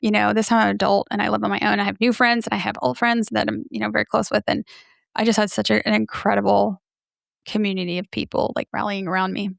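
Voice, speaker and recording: A woman podcast host in her thirties, from near New York City, earnestly tells a personal story in a candid interview, animatedly acting out what people said to her. Her mid-range voice is fast and gravelly. The sound is clean studio audio with no room sound.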